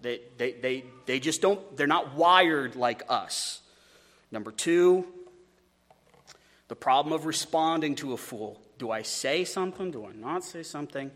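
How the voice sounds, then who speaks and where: A man's voice: fairly high pitch, animated, a little slow, fairly bright tone, long reverb tail. A man preaching a sermon as a pastor, conversational, with stumbling repeats and joking asides.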